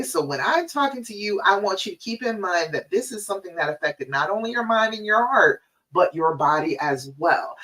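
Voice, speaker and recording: A woman's voice: on the low side, a bit bright, low-quality recording. A woman relationship coach on a live stream, speaking directly to listeners and checking in with them often. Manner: direct, coaching, repeats "okay?"; leads breathing exercise, counting slowly.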